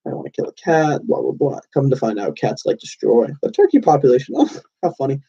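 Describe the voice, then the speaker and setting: A man's voice: mid-range voice, huge pitch swings, fast talker, gravelly, warm tone, husky, muffled recording. A young man rambling casually to his channel's viewers, loose and meandering with lots of fillers and restarts. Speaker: channel host. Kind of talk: casual rambling monologue to camera.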